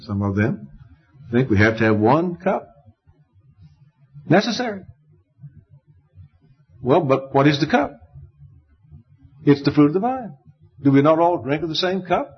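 Husky-voiced preacher, emphatic, lo-fi. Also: male voice. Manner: emphatic, pitch jumps up to stress points. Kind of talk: sermon. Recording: dull lo-fi recording.

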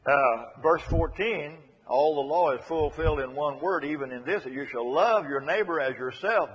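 A man preaching a sermon, earnest and emphatic, circling back on his key phrases. His voice sits a bit high and sounds breathy. The recording is dull and lo-fi, with a long echo from a large hall. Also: sing-song, moderate pace, fairly bright tone.

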